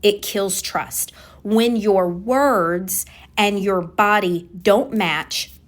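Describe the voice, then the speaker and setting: A woman's voice: medium pitch, extremely slow. A woman hosting a solo coaching podcast on communication, talking with energy and stressing key words by repeating them.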